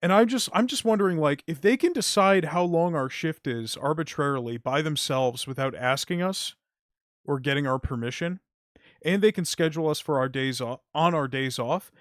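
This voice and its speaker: A man's voice: a little high, moderate pace, no echo, clean studio sound. A young man streaming, venting heatedly about his delivery job with frequent swearing. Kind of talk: casual stream rant. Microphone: streaming mic.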